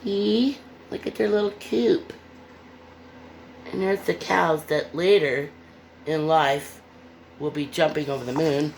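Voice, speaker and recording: A woman's voice: low-pitched, takes it slowly, gravelly, long pauses, slight background noise. A woman reading a picture book aloud with playful, chatty asides to young listeners. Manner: playful, expressive.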